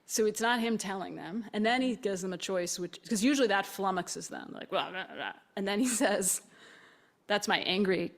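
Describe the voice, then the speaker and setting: Lively storytelling woman. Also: mid-range voice, moderate pace. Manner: animated, acts out quoted voices, laughs often. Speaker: speaker. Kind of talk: conversational storytelling.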